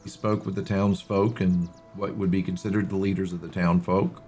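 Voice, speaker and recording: Low-voiced man narrating as game master. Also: moderate pace, faint music behind. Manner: relaxed, with many fillers.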